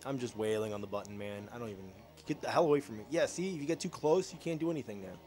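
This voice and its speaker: A young man hosting a casual let's-play, sarcastic and excitable, slightly ill and clearing his throat. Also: mid-range voice, quick pace. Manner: sarcastic, reacting excitedly to gameplay. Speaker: gaming channel host. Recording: faint game music behind.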